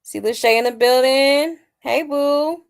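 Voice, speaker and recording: A woman's voice: high voice, unhurried, vocal fry, clear, resonant tone. A woman hosting a celebrity gossip livestream, sassy and chatty, talking straight to her viewers while she is losing her voice a little. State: slightly hoarse, losing her voice. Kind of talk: casual celebrity gossip commentary.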